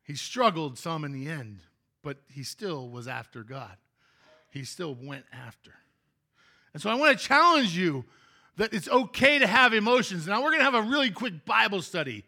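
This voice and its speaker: Bright, high-voiced pastor preaching casually. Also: male voice, big pitch swings, normal speed. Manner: chatty, joking with the congregation, many restarts. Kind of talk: interactive sermon. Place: church sanctuary.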